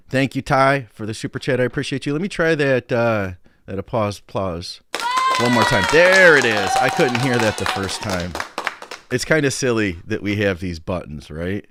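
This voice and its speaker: A man's voice: on the low side, a bit bright, no room sound, clean studio sound. Chatty American man hosting a live stream. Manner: upbeat, chatty, reads out viewer comments. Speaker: podcast host and coach. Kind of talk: casual live-stream chat.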